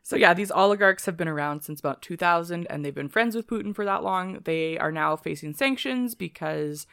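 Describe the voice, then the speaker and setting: A woman's voice: on the low side, a little fast, vocal fry, a bit bright, clear, resonant tone, dry recording, studio quality. A woman co-hosting a podcast, steadily explaining from prepared notes with casual asides. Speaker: podcast co-host.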